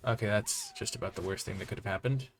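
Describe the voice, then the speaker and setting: A man's voice: on the low side, wildly swooping pitch, fast talker, noisy background. A man hosting live gameplay commentary, thinking aloud and reacting to each play with groans, exclamations and wry self-mocking asides. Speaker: host.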